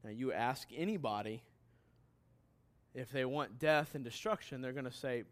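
A man's voice: medium pitch, normal speed. A man preaching a sermon as pastor, emphatic and putting questions straight to his listeners.

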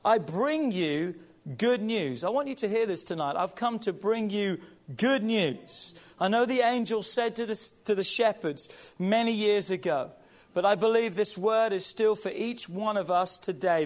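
Male pastor, high voice, fervent sermon delivery with drawn-out emphasis and rallying calls. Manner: emphatic, repetitive call-and-response preaching; slows and stretches key phrases.

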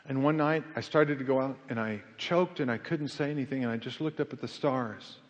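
A male pastor preaching, earnest and story-driven, rising to loud emphasis and then dropping to hushed tones. His voice rings out with a long hall reverb. The sound is dull and lo-fi, like an older church recording. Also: medium pitch, brisk, hardly any pauses. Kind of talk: sermon with closing prayer.

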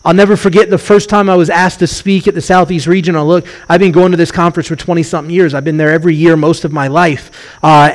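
A middle-aged man gives a sermon as a rabbi, his voice sitting a little high for a man. He tells stories with animated energy, slipping into the voices of the people he quotes.

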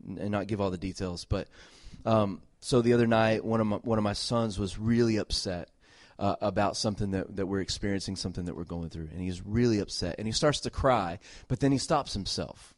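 A fairly low-pitched middle-aged pastor gives an earnest, emphatic sermon, repeating phrases and moving between forceful exhortation and soft, tender passages. The sound is clean studio audio with no room sound.

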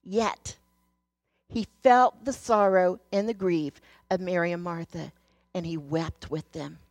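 A woman giving a sermon in an earnest, storytelling way, moving between hushed passages and emphatic ones. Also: on the low side, slow, no echo. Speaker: speaker sharing a devotional message.

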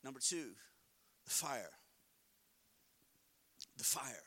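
A man preaching a sermon as pastor, swinging between quiet talk and shouting, and telling funny stories with acted-out inner voices. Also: mid-range voice, sing-song, extremely slow, breathy edge.

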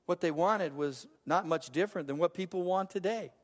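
A man's voice: sits high, normal speed. Older male pastor preaching with hall reverb. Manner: emphatic, repetitive preaching cadence. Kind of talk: sermon.

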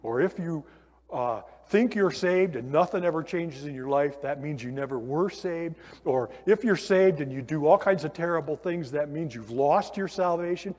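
A man preaching a sermon in a church, conversational and animated, asking the listeners questions. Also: fairly high pitch, normal speed, slightly rough. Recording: long hall reverb.

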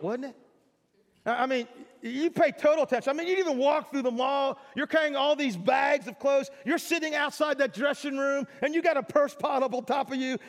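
A pastor preaches a sermon in a high voice, keeping things informal and conversational while acting out ordinary scenes to make his congregation laugh. His words echo with the long reverb of a church hall.

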